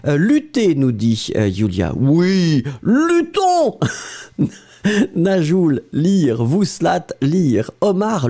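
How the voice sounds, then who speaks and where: French-accented male teacher, slow and warm-toned, very animated pitch, encouraging. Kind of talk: live-stream language lesson, reading viewer answers.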